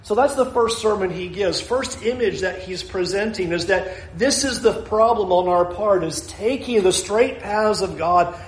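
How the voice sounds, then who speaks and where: A man preaching a sermon as pastor, animated, acting out imagined people with playful asides. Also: high voice, normal speed, few pauses, echoey room. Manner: animated, acts out imagined speakers.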